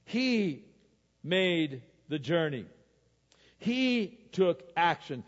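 A man preaches a sermon in a church sanctuary, his fairly high voice swinging from loud, forceful exhortation to quiet, confiding asides. The recording is muffled, and a long reverb trails after each phrase. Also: sing-song, extremely slow. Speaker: pastor.

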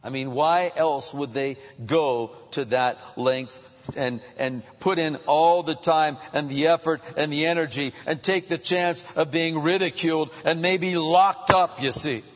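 A man preaching a sermon, dropping to a hush and then rising again. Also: on the high side, unhurried. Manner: dynamic, swings between hushed and raised. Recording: muffled reverberant hall.

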